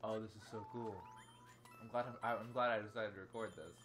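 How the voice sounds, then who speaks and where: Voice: mid-range voice, fairly even intonation, a little fast, noisy background. A gamer chatting casually at home while playing a video game, rambling and playful, now and then slipping into silly sing-song bits. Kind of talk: casual let's-play commentary. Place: home, sitting on the floor by the TV.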